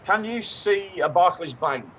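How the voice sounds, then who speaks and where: An actor playing an excitable, rambling male radio talk show host in a comedy sketch, speaking from a radio studio. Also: high voice, measured pace, a little hiss or hum, rough recording. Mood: urging.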